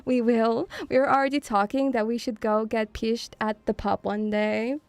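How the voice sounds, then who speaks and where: A woman's voice: fairly high pitch, flat delivery, normal speed, a little hiss or hum. A young woman from Eastern Europe streaming in a bubbly, teasing manner, giggling often and calling her viewers darling. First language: an Eastern European language. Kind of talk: casual live-stream chat.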